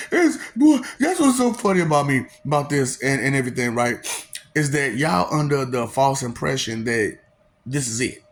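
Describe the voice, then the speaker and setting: A man doing a rambling comedic monologue, laughing often, swearing and taunting, dropping to low mutters and jumping to high excited bursts. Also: vocal fry, a little hiss or hum. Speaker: vlogger.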